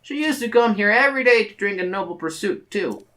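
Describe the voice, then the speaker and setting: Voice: mid-range voice, lively intonation, fairly quick, sharp tone. A game player voicing a prim bartender woman who scolds and gossips, reading game dialogue aloud.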